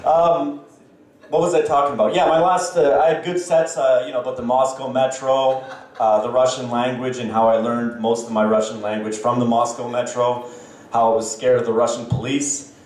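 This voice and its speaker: A man's voice: mid-range voice, fairly even intonation, darkish tone, far from the mic, slight background noise. Canadian guy in his 30s doing standup, self-deprecating, lots of ums, super echoey club sound. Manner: self-deprecating, halting with many fillers. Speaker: stand-up comedian. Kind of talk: stand-up set. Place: comedy club stage. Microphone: handheld stage mic.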